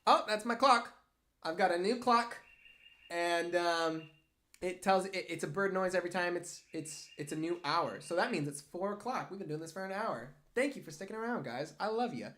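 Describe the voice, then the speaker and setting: Young artist streaming, answers chat, goofy tangents, mid-pitched voice. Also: lively intonation, moderate pace, a bit bright. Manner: rambling, playful, jokey asides. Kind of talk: casual livestream chat, answering viewer questions.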